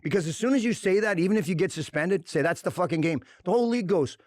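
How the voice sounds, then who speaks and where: Brief: middle-aged man, former tough guy, blunt and profane, slightly high voice, dry close mic. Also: quick pace, hardly any pauses, dry recording. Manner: blunt, profane, animated storytelling. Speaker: podcast guest, former hockey enforcer. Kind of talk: casual chat.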